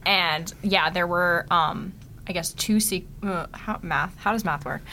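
Chatty woman cohost, laughs a lot, kinda rambly, bright voice. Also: on the low side, measured pace, a little hiss or hum. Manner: giggly and rambling, with many restarts. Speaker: podcast co-host. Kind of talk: casual podcast chat.

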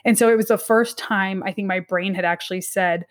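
A woman in her thirties, invited as an academic to an interview, earnestly narrates a personal experience, pausing and restarting repeatedly. Her pitch is medium and her tone steady.

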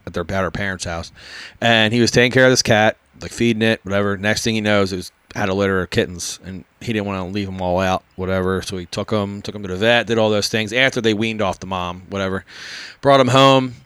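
A man's voice: lowish voice, fairly even intonation, quick pace, fairly bright tone, clear, resonant tone, no room sound. A man hosting a casual podcast, telling stories in a laid-back way with lots of fillers and laughs. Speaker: podcast host.

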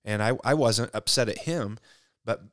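A man talking about faith in a casual conversation, reflective and halting, often restarting his sentences. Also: medium pitch, a bit bright, no room sound, studio quality.

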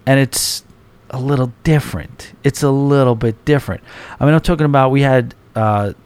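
A man's voice: medium pitch, normal speed, a little mellow, clear, resonant tone, dry recording. A man in his forties with a New York accent, hosting a podcast and rambling through a casual story with many restarts. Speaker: podcast host.

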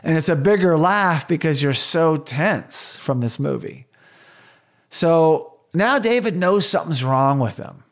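A man's voice: a little high, lively intonation, unhurried. A man co-hosting a casual movie podcast, enthusiastic, laughing easily and asking rhetorical questions. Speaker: podcast co-host.

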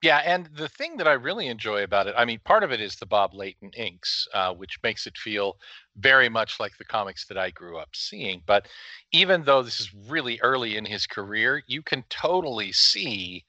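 A man's voice: medium pitch, very animated, normal speed, sharp tone, no room sound, dull audio. A man co-hosting a casual comic-book podcast, explaining story details and laughing easily. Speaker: podcast co-host.

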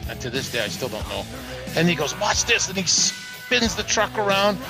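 A man, casually telling a long, animated anecdote on a podcast panel. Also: fairly high pitch, normal speed, vocal fry, low-quality recording. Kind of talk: casual storytelling chat. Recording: music playing underneath.

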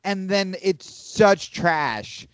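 A man talking in a loose, rambling way, swearing freely and getting animated. His voice sits a bit high for a man. The recording is dry and slightly dull. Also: extremely slow, no echo. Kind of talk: casual chat.

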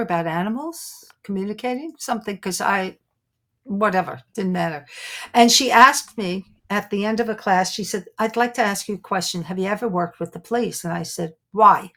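This is an older woman with a New York accent, recounting her experiences to a host. Her voice is bright and forward, and she tells a story with lively timing and easy laughter. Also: mid-range voice. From Brooklyn, New York. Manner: laughs often while telling stories. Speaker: guest, psychic detective. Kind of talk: animated storytelling in conversation.

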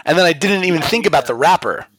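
A man appearing as a podcast guest, excitable and rambling, laughing as he talks. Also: on the high side, fast talker, breathy edge, no echo. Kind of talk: casual chat.

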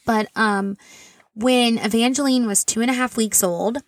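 A woman's voice: on the high side, fairly even intonation, unhurried, dry recording. A woman in her thirties, a mother of four, telling a personal story in an earnest, rambling way, full of asides and fillers. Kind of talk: casual storytelling to camera.

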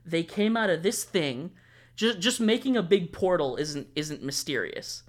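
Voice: mid-range voice, lively intonation, unhurried. A young adult reviewer, a guest on a podcast, explaining opinions in a thoughtful, casual way. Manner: thoughtful, explanatory, with frequent fillers. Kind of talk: casual fan discussion.

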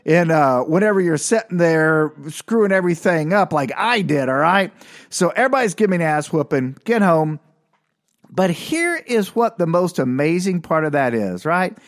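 An older man telling a self-mocking comedic story about his childhood, animated and full of sound effects. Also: fairly high pitch, normal speed.

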